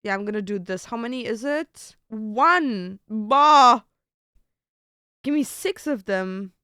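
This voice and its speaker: Chatty young woman streamer, smooth voice. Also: mid-range voice, expressive, unhurried, a bit bright, no room sound, studio quality. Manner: chatty, swears casually, thinks aloud while ordering food. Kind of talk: casual chat to stream viewers.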